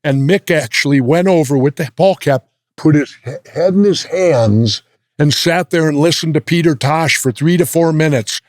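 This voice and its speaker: An older American man telling blunt, gruff stories in a sit-down interview. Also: on the high side, normal speed, dry recording, clean studio sound. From United States. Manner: gruff, blunt anecdotal storytelling. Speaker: interview guest. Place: indoor interview set.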